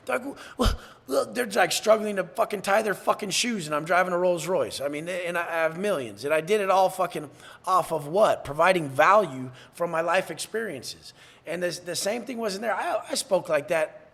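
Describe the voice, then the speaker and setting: A man's voice: sits high, creaky, a bit bright. A man from San Diego, a podcast guest, talking bluntly with heavy swearing and acting out the exchanges he quotes. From San Diego, USA. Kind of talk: podcast interview.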